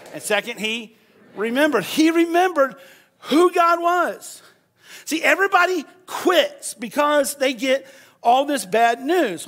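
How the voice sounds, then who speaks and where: A man preaching a sermon, moving from quiet storytelling to loud, shouted preaching and leading the congregation in call-and-response. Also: extremely high pitch. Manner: leads the congregation in repeating phrases. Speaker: pastor.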